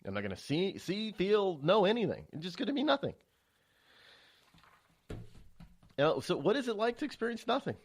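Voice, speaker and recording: A man's voice: high-pitched, very animated, normal speed, pauses often. A man hosting a political talk radio show, rambling and stammering through a monologue with many restarts.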